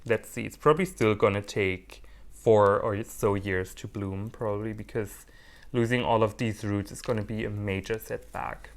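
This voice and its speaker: A man vlogging casually as he unboxes plants, animated, playful and quick to mock himself. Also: lowish voice, gravelly, slight background noise. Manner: animated, playful and self-mocking. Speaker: orchid hobbyist vlogger.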